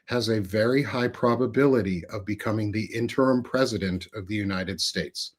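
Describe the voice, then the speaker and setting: A man with a somewhat low voice argues his political points as a guest. He is blunt, emphatic and profane, pressing each point hard. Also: normal speed, husky. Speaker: guest commentator. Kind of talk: casual political chat.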